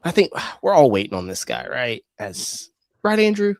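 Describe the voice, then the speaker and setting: A man with a lively, up-and-down voice and a dry, close sound. He chats casually on a toy livestream, sighing with exasperation and filling pauses with ums. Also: mid-range voice, no room sound. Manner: casual and exasperated, lots of fillers and sighs. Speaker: toy collecting livestream co-host. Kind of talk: casual chat.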